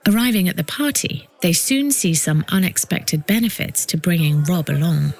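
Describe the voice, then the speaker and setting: Low-voiced woman narrating a true-crime story. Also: animated, creaky, a little mellow. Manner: measured, suspense-building delivery. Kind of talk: scripted narration.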